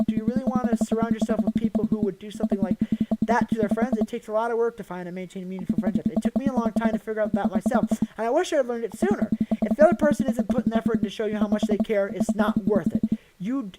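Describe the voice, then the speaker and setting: A woman doing a gentle, earnest dad. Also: on the high side, lightly acted, rough recording. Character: kind, joking father giving gentle advice. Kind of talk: voicing a visual novel character.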